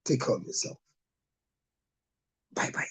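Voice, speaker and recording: A Ghanaian man, a pastor and TV counselor, closing his show with blessings and slow, repeated product adverts. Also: poor audio. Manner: preacherly, repeats phone numbers slowly.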